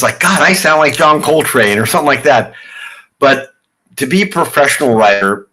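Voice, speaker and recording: A man's voice: medium pitch, fairly bright tone. Chatty male novelist, rambling delivery. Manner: rambling, loose, with many fillers and restarts. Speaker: novelist being interviewed. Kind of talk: casual conversational answers. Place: live online author event.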